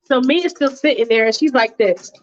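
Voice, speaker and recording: A woman's voice: high voice, moderate pace, muffled recording. A woman casually narrating a fan-fiction story in a chatty, slangy, playful way.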